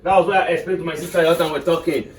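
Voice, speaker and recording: A man with a high voice teaches English in a classroom, keeps stopping to check that his students are with him, and is recorded from across an echoey room. The sound is roomy and distant rather than close and dry. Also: steady tone, racing, a little hiss or hum. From Nigeria. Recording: echoey room, mic far off.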